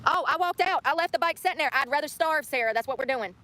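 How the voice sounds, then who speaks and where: Fast-talking, ranting woman streamer. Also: sits high, sharp tone. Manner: ranting, indignant, repeats herself. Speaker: livestreamer. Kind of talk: angry ranting livestream.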